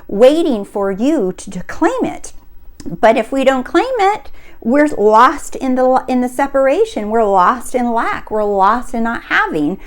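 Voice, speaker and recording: A woman coaching on spiritual wealth, speaking in an earnest, emphatic way and often asking if listeners see her point. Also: a little high. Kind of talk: spiritual teaching talk.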